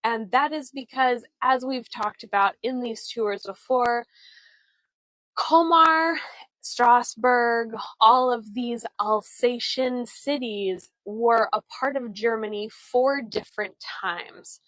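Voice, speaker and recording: A woman's voice: fairly high pitch, slow, a bit bright, dry recording, poor audio. Chatty American woman guiding a live walk. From Pacific Northwest and Midwest US. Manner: chatty, enthusiastic, many fillers, answers chat questions. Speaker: live walking tour guide. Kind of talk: live-streamed walking tour narration. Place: outdoors on old-town streets.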